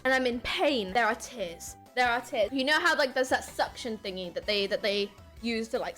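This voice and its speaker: A young woman streamer telling a story casually, animated and swearing, laughing often. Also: on the high side.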